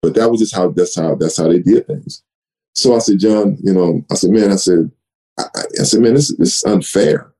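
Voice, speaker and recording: Older man, low gravelly voice, retired athlete swapping stories in an interview. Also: moderate pace, low-quality recording. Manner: animated storyteller, repeats words, acts out quoted dialogue. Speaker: retired running back, interview guest. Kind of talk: conversational storytelling. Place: home office.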